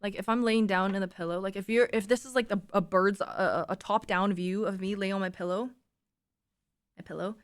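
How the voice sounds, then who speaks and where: A woman's voice: medium pitch, steady tone, fairly quick, no echo, clean studio sound. A young woman streaming, chatting casually with her viewers, giggly and cooing baby talk to her dog.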